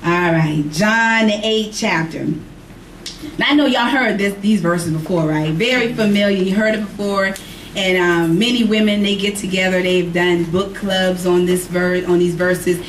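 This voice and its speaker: A woman preaching a sermon, swinging from high emphatic calls to low joking asides. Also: normal speed. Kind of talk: sermon to a congregation. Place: church. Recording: echoey room from far off, faint noise.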